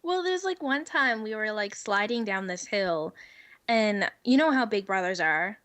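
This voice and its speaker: Lively young woman telling stories. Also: medium pitch, measured pace, no echo. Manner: animated, giggly, filler-heavy storytelling. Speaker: guest. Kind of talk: casual storytelling chat.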